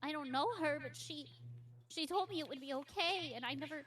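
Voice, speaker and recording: A woman voicing a frightened, soft-spoken lost little girl who stammers breathlessly in a tabletop game. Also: high voice, fairly quick, voice pushed up.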